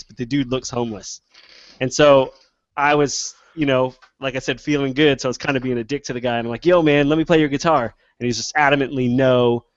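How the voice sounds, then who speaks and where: Man, New York accent, animated storyteller, casual chat, dull video call sound. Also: medium pitch, dry recording. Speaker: podcast co-host.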